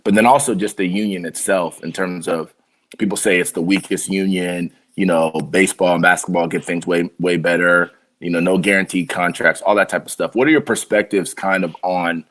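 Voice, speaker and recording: Young man, very deep voice, laid-back podcast host, rambling questions. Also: steady tone, fairly quick, a bit bright. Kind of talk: casual interview.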